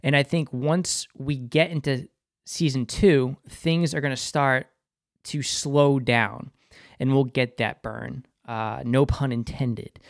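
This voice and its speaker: Speaking slowly in a creaky, medium-pitched voice with fairly even intonation, this Boston-accented TV review host enthusiastically goes over an episode in a casual way. He now and then calls himself by his show name, and the studio recording is clean and dry.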